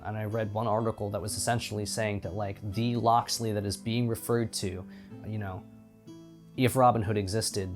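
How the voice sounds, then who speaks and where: A man with a slightly low voice chats casually to the camera as a channel host. He rambles, fills his talk with fillers and restarts, and keeps correcting himself. Soft guitar music plays faintly behind him. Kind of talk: casual talking-head chat.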